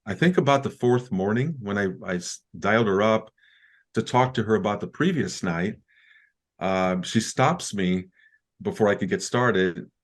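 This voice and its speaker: A man guest, the founder of a community group, recounting events in a relaxed, chatty way with small jokes, speaking from a bedroom at home. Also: fairly low pitch, normal speed. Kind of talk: conversational recounting.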